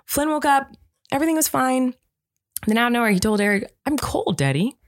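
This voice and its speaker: A woman's voice: high-pitched, fairly quick. A woman in her thirties co-hosting a podcast, telling family stories in a chatty, laughing way. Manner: chatty storytelling, laughs often. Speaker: podcast co-host. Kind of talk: casual chat.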